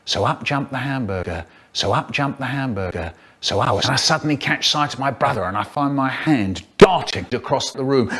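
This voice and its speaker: A man's voice: mid-range voice, lively intonation, a little fast, loud music behind the voice. A man rambling through an absurd comedy monologue, hopping between silly voices. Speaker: collab contributor. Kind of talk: absurd comic monologue in a collab video.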